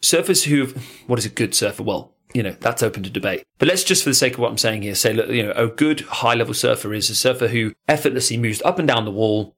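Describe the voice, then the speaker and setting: Brief: casual guy, surf podcast co-host, lively and profane. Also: medium pitch, fast talker, hardly any pauses. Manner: animated, swearing, jokey. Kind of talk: casual chat.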